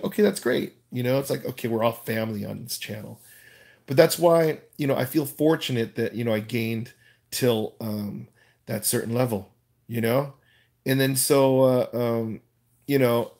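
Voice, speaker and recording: A man's voice: mid-range voice, a little mellow. A Korean man hosting a casual livestream, rambling with many fillers and restarts and laughing at himself. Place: Los Angeles.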